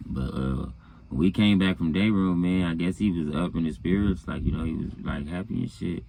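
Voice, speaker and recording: Easygoing male storyteller, very low voice, loose and profane, chuckling as he goes. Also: brisk, vocal fry, warm tone, a little hiss or hum. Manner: laid-back, profane, peppered with "you know what I'm saying"; chuckles between phrases. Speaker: storyteller recounting his own past. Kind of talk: casual storytelling.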